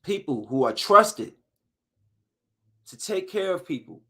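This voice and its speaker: A male podcast host with a high voice who talks casually and swears freely. He rants with quick bursts of heat and then drops back to a low mutter. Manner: animated, profane rant with sudden outbursts. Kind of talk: casual chat review.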